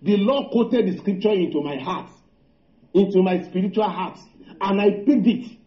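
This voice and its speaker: A man preaching a sermon, halting and repeating words, calling out hallelujah and asking the congregation rhetorical questions. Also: high-pitched. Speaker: pastor. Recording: echoey room, dull lo-fi sound.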